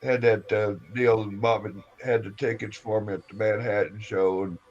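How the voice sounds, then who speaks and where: A man's voice: lowish voice, fairly even intonation, moderate pace, darkish tone, muffled recording. A man on a live stream telling a long rambling story in casual chat, acting out the voices of the people in it and swearing as he goes.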